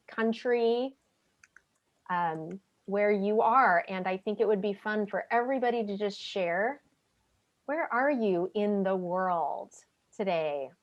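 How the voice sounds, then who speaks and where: A woman's voice: medium pitch, lo-fi sound. An American woman hosting an interactive online leadership webinar, friendly and chatty with many ums. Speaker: webinar host and leadership trainer. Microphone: video call.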